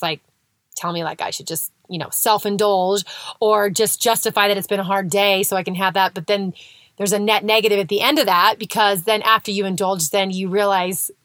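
A woman's voice: medium pitch, a bit bright, no echo. Chatty motivational woman coach, dry sound. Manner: chatty, conversational, lots of "like" and "right?". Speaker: weight-loss coach. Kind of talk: casual motivational talk.

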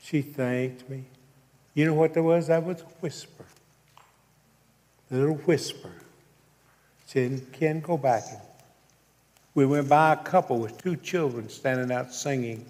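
An older man delivers a sermon at an unhurried, deliberate pace, now and then asking the congregation whether they are following. His voice sits at an ordinary pitch. A long reverb trails each phrase through the church hall. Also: darkish tone. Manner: preaching with call-outs to the congregation. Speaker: pastor.

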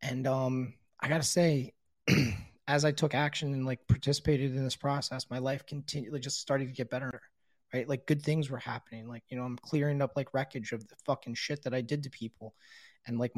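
A middle-aged man tells his own story with blunt honesty, swearing freely and leaning on casual fillers. His voice sits at an ordinary pitch. The recording is dry, with no room sound around him. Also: fairly even intonation, a little fast, no echo. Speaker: guest sharing his recovery story. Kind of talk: candid personal storytelling.

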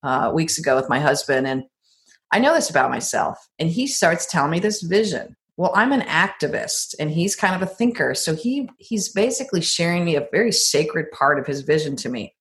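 Animated, lower-pitched woman telling stories. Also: normal speed. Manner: animated storyteller, acts out quotes with big pitch jumps. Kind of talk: conversational podcast advice.

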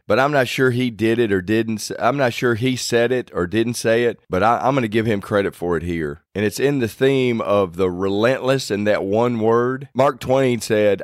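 A man with a medium-pitched voice hosts a faith podcast, giving a casual devotional talk in a folksy, self-deprecating style. He rambles a bit and restarts sentences, and the recording is clean studio sound with no room sound.

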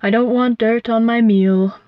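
A woman voicing a huge, predatory female owl who talks in a calm, cooing, unhurried way, in a dull, dry recording. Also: a little high, dry recording, natural voice. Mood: dismissive.

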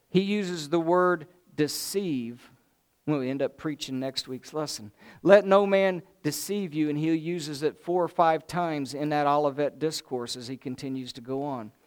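Male preacher, smooth voice, a bit high, animated delivery with big swings. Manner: animated, builds to excited bursts then drops low and slow. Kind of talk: sermon.

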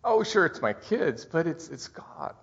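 Husky-voiced middle-aged pastor, heartfelt. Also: male voice, a little high, big pitch swings. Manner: heartfelt, halting, tearful at times. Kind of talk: Christmas sermon. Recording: dull muffled recording.

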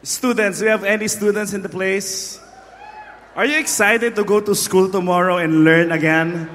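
A husky-voiced man with a Filipino accent preaching a live sermon, bantering playfully with his congregation. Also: sits high, fairly even intonation, moderate pace, a bit bright, slight background noise. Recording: echoey hall.

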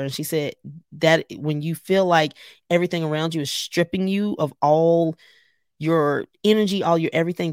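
A woman's voice: deep voice, darkish tone, no echo, studio quality. A middle-aged woman hosting her personal podcast, talking candidly and encouragingly to her listeners while on her way to a game. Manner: chatty, candid, encouraging, addresses listeners as y'all. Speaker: podcast host. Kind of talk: casual personal podcast monologue. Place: in a car on the way to a game.

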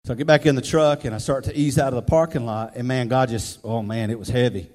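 Male pastor, mid pitch, chatty storytelling sermon, echoing hall. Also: fast. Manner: conversational, animated storyteller. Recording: reverberant hall, faint music.

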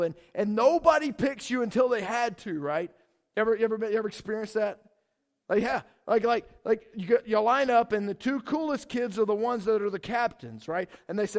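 A man preaching a sermon as pastor, animated, often repeating and restarting his words. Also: sits high, fairly quick, vocal fry.

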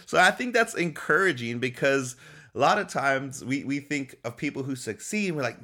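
A man's voice: medium pitch, lively intonation, normal speed, bright, forceful tone. A man giving an upbeat, motivational faith talk, encouraging his listeners, repeating key phrases and often chuckling as he speaks.

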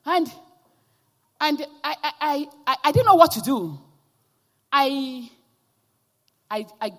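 Impassioned woman preacher in a reverberant hall. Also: medium pitch. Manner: impassioned, rising to loud exhortations. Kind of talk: sermon with personal testimony.

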